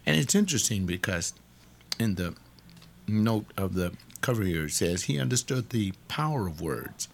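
Blunt, gravelly-voiced male Bible teacher. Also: fairly low pitch, big pitch swings, normal speed. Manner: blunt, emphatic, rambling. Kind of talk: informal teaching talk.

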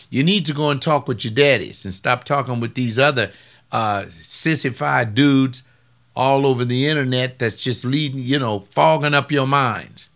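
Brief: male pastor on a webcast, blunt scolding sermon, bright forceful tone. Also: medium pitch. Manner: blunt, combative preaching with rising outbursts.

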